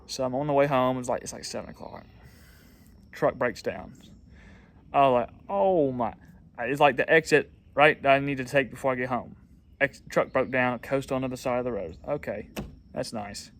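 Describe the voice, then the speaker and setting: A young man with a drawl, telling a long story in a loose, casual vlog. His pitch sits in the middle, and he trips over and repeats words as he goes. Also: moderate pace, fairly bright tone. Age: young adult. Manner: rambling, repeats words, frequent ums. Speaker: pressure washing business owner.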